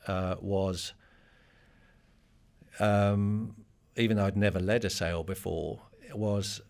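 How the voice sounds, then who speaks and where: A middle-aged man, a business leader giving a conversational podcast interview in a straightforward, plain-spoken way. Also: sits low. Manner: straightforward, conversational with many fillers.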